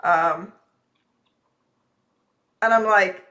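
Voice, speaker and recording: A woman's voice: fairly high pitch, expressive, a little slow, sharp tone. Ranting, swearing woman streamer. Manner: profane, ranting, chatty. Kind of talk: casual live-stream chat.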